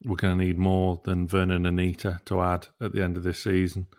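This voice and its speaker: Chatty young man hosting, low voice. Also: monotone, fairly quick, a little mellow. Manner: chatty, hesitant with many ums, playful. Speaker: podcast host. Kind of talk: casual chat and interview hosting.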